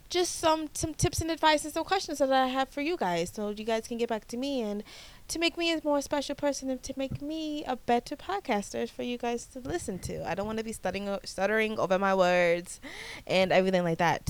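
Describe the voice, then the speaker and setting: A woman in her twenties from the United States, hosting her own podcast in a casual, animated chat with frequent restarts. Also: on the high side, clear, resonant tone, dry recording. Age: 20s. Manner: chatty, animated, repeats herself and restarts often. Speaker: podcast host.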